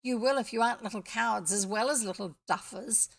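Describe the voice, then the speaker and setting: A woman's voice: fairly high pitch, fairly quick, gravelly. A woman voicing a bold, scornful boy from an earlier century. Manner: confident, scornful.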